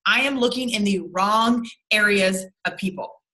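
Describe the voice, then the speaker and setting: A woman's voice: medium pitch, moderate pace, pushed and bright, poor audio. A young woman leading her sales team over a video call, blunt and rambling, with lots of swearing and fillers.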